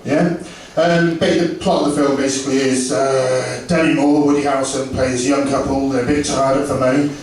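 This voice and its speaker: A man's voice: medium pitch, a little fast, few pauses, recorded from a distance, slight background noise. Man doing stand-up in an echoey club. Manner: animated, acts out both sides of dialogue. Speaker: stand-up comedian. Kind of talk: stand-up set with crowd work. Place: comedy club.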